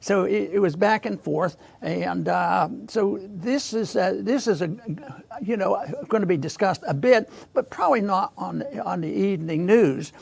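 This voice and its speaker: A man hosting a casual political discussion, halting and repeating words as he chuckles through his points. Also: high voice, vocal fry, a little mellow, breathy edge. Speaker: podcast host.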